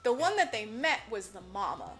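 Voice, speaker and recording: A woman with a fairly high voice talks fairly quickly over soft background music. As a podcast co-host, she gives a casual, cursing, lively movie recap, acting out quotes from the characters.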